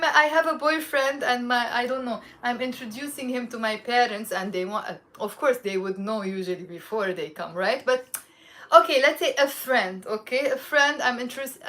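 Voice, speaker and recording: A woman with a Lebanese accent gives a casual, chatty Arabic lesson, repeating phrases slowly and often checking in with "okay?" Her voice is a little high, pushed and bright.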